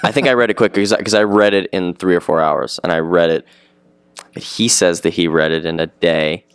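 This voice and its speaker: Deep-voiced eager teenage boy actor. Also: fairly even intonation, normal speed, clean tone, no room sound. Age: teens. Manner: eager, rambling, repeats himself. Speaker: actor being interviewed. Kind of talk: casual interview chat.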